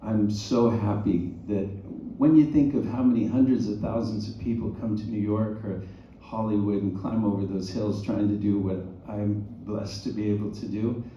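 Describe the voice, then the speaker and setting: A man talking onstage after a screening, reflective and halting as he works through his thoughts. His voice is mellow, heard from a distance through a dull, echoey theater recording with faint room noise. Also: fairly low pitch, fairly even intonation. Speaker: actor at a post-screening talkback. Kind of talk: live stage interview. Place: theater auditorium.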